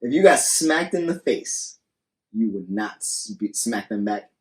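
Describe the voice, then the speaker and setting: A man's voice: fairly low pitch, animated, measured pace, a little mellow. A man co-hosting a casual podcast. He speaks bluntly and swears a lot, and he acts out hypothetical arguments. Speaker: podcast co-host. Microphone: studio podcast mic.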